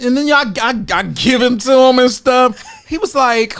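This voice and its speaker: A man's voice: very high voice, unhurried, a bit bright, smooth. A man co-hosting a podcast, telling a long story in casual chat, acting out the voices he quotes and laughing often. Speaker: podcast co-host.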